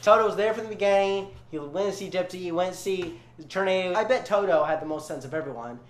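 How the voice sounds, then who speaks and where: A man's voice: sits high, fast. A tipsy young man sarcastically retelling a story in a rambling, profane way. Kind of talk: drunken comedic retelling. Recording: echoey room.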